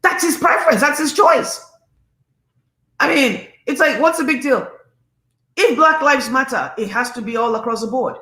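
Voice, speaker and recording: A woman's voice: sits high, moderate pace, long pauses, bright, forceful tone, reverberant. A Nigerian-accented woman in her fifties, hosting a casual livestream and talking in a passionate, emphatic, preachy way. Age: 50s. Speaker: livestream host.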